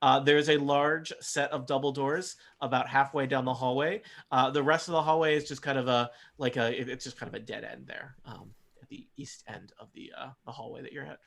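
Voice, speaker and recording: A man's voice: medium pitch, steady tone, a little fast, creaky, fairly bright tone. A man running a tabletop game as game master, describing scenes in a loose, rambling way full of fillers. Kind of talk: narrating a tabletop game, casual.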